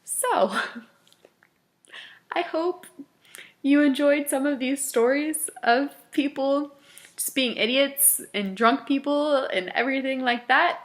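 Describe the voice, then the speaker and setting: A woman vlogger telling stories from her fast food job in a casual, animated way, laughing often and acting out her customers. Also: high-pitched. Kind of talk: casual storytelling to camera.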